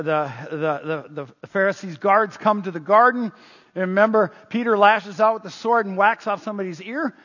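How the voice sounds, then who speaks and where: Male preacher, high voice, animated storyteller who stammers restarts; dull, muffled recording. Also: slightly rough. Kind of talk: sermon. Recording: muffled, long hall reverb.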